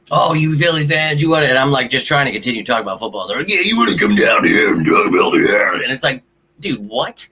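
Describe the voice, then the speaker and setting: A man's voice: medium pitch, bright, forceful tone, slightly rough. A man hosting a sports livestream, talking casually to his viewers, frustrated and ranting with some cursing. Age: adult with a child. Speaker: sports show host.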